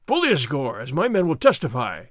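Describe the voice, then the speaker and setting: A man voicing a loud, blustering soldier sergeant. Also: fairly high pitch, huge pitch swings, fairly quick, no room sound, clean studio sound, voice pushed down, full character voice. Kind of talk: audiobook character reading.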